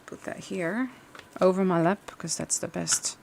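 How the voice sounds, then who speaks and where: A woman's voice: lowish voice, measured pace, creaky, background noise. A young adult woman chatting casually as she crafts on a livestream, rambling with frequent restarts and fillers. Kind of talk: casual chat while crafting.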